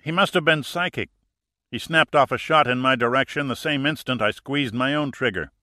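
A man's voice: medium pitch, normal speed, pushed and bright, no room sound, studio quality, voice pushed up, natural voice. A man voicing a cheerful, cocky male sidekick who talks loftily and a bit boastfully. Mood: lofty. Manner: lofty, cheerful, a touch boastful.

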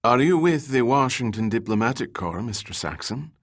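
A man voicing a poised, gracious young woman in an audiobook, speaking softly. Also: medium pitch, animated, normal speed, no echo, studio quality. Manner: soft, gracious.

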